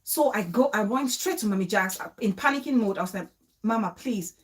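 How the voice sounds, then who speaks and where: A woman vlogger tells a casual story to the camera, sounding emotional and pleading as she speaks in quick bursts and keeps repeating questions. Her voice sits in the mid range and is animated.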